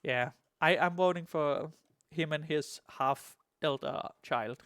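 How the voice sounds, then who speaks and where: A man co-hosting a casual hobby podcast, excitable and jokey, swearing freely. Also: a little high, takes it slowly, clear, resonant tone, no echo. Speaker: podcast co-host.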